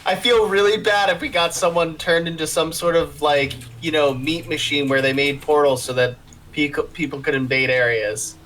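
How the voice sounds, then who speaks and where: A man's voice: on the high side, steady tone, moderate pace, fairly bright tone, a little hiss or hum, poor audio. A man playing in a tabletop game, defensive and chatty. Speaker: player.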